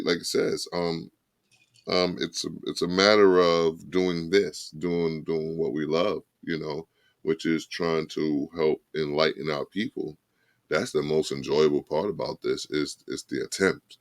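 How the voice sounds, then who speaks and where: A man co-hosting a podcast, talking in a reflective, halting way with many restarts. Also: very deep voice, dry recording, clean studio sound. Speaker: podcast co-host. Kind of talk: casual podcast chat.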